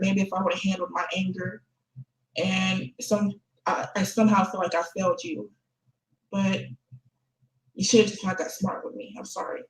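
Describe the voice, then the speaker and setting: A woman's voice: mid-range voice, roomy sound, poor audio. A young woman in her late teens, talking in a casual, flippant way in a confessional vlog and laughing between sentences. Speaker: vlogger.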